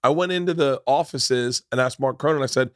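A man hosting a podcast, telling stories in a casual chat, animatedly leaping into loud high voices when he quotes people. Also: fairly quick, no echo, clean studio sound. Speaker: podcast host.

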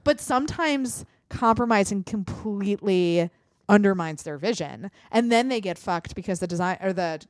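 A woman's voice: medium pitch, animated, moderate pace, no echo, clean studio sound. A woman hosting a podcast in casual chat, ranting emphatically and swearing often. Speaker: podcast host.

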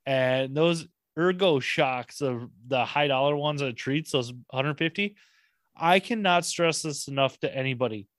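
A man's voice: medium pitch, measured pace, a bit bright, no echo, studio quality. Profane, rambling male podcast host. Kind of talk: casual chat.

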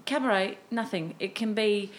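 Aussie woman chatting, lively storyteller, acts out her old self, faint hiss behind. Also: mid-range voice, normal speed. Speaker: guest, cabaret performer. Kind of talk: casual chat.

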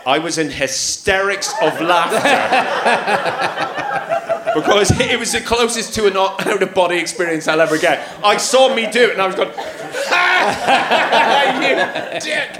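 A man's voice: sits high, moderate pace, very noisy. A man, a comedian guest, telling comic stories with lots of voices and laughter on stage. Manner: animated, acts out voices, laughs often. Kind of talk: comic storytelling. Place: theatre stage before a live audience. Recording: echoey live theatre.

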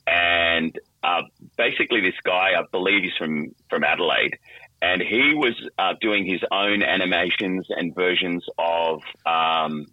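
Animated man, low voice. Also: a little slow, no echo, muffled recording. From Australia. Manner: animated, acts out voices, many restarts. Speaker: voice actor and guest. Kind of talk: casual interview talk.

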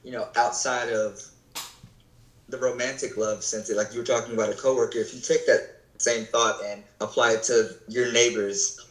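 A man's voice: mid-range voice, fairly even intonation, moderate pace. A man talking earnestly in a casual faith conversation, often searching for his words. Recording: echoey room.

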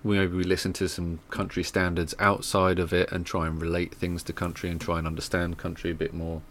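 A man's voice: low voice, monotone, a little fast, a bit bright, a little hiss or hum. A man hosting a podcast, chatting casually with dry, self-mocking humour and frequent laughter. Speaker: podcast host.

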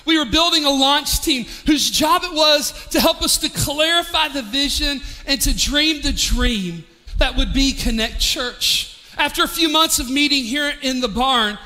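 High, bright-voiced emotional pastor. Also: male voice, measured pace, big-room sound. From East Tennessee, US. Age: 40s. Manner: emotional, heartfelt, with frequent restarts. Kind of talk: sermon. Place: large church hall.

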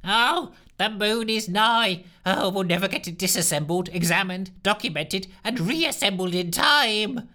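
A man's voice: huge pitch swings, normal speed, sharp tone, full character voice. A man voicing a fretful male scientist who wails and moans in despair. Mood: wailing, despairing. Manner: high, wailing, exasperated.

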